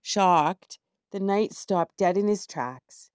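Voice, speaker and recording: A woman reading a storybook chapter aloud in a measured, expressive way. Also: medium pitch, clean tone, dry recording, studio quality. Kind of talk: scripted storybook narration.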